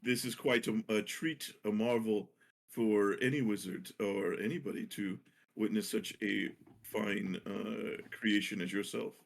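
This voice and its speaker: A man voicing a courteous, curious older male wizard who speaks in formal, halting phrases. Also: lowish voice, fairly even intonation, creaky. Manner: polite, formal phrasing with hesitations.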